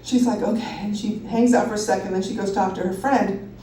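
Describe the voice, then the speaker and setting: Animated woman telling a story on stage. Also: mid-range voice, brisk, slight background noise. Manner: animated, self-mocking, laughing often. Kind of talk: live personal storytelling. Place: stage at a live venue. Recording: roomy hall from a distance.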